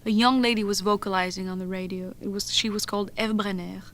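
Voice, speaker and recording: Woman singer telling a lively anecdote. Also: mid-range voice, fast talker, slight background noise. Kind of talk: interview storytelling.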